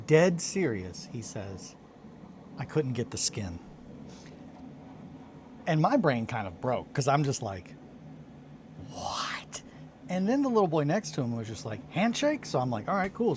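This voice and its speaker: Broadcasting from a noisy home studio and workshop, a sleepy male hobby streamer who has just woken up tells rambling stories to his viewers. His mid-pitched voice is sing-song and a little mellow at a normal pace, full of restarts, fillers, and self-interruptions.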